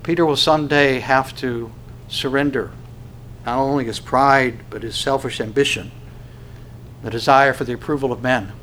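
A man preaching a sermon, swinging from loud, emphatic stresses down to hushed, quiet lines. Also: medium pitch, steady tone, normal speed, slight background noise.

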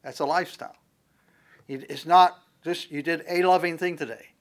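Man, pastor, sermon, slightly high pitch, conversational, asides and restarts. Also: steady tone, normal speed. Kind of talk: sermon, verse-by-verse Bible teaching.

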